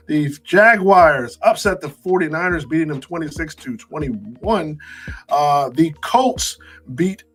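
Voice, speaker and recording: A man co-hosting a casual sports talk show, running through scores with animated, wry asides. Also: on the high side.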